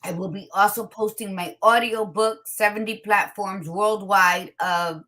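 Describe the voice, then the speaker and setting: A woman hosting a casual talk show, blunt and expressive, with a tired morning voice, dropping in Spanish greetings. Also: medium pitch, measured pace. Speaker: podcast host. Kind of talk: casual chat.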